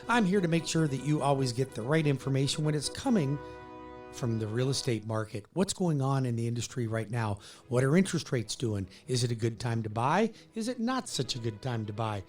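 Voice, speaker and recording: A hoarse man hosting a talk radio show, pitching his services in an upbeat, emphatic, salesy way. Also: sing-song, brisk, darkish tone, soft background music. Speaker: radio show host and mortgage broker.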